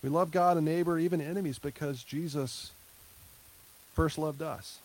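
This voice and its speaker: A man's voice: fairly high pitch, steady tone, moderate pace, a little mellow, poor audio. A male pastor giving a conversational sermon, with asides to the congregation and a closing prayer. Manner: conversational preaching with light laughs and asides.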